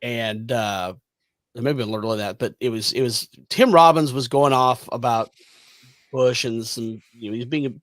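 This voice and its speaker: A man in a casual chat, telling a story in a laid-back way with drawn-out fillers. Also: mid-range voice, no echo.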